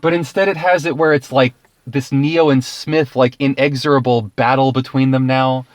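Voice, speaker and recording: A man's voice: medium pitch, steady tone, normal speed, no room sound. A man giving a casual, ranting film review, exasperated and profane, laughing often.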